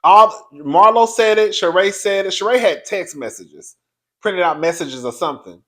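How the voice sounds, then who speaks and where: A man hosting his own video show, giving a blunt, profane, animated commentary straight to his viewers. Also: sits high, normal speed. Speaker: online show host reviewing reality TV.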